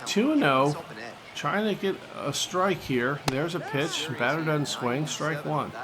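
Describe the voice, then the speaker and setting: Excitable man calling a baseball game. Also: fairly high pitch, slow, crowd noise. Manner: mock sportscaster calls, excitable and jokey. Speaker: gaming channel host. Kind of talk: play-by-play commentary over a baseball video game. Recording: steady background noise.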